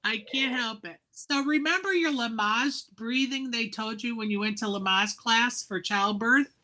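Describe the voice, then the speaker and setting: A woman's voice: a little high, unhurried, noisy background. A woman chatting casually. She giggles, mocks herself and repeats the same words. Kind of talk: casual chat.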